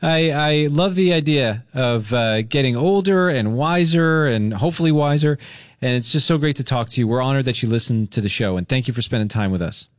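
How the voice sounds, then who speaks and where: A man hosting a morning radio show, chatting excitedly with a caller in the studio. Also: medium pitch, fairly quick, dry recording.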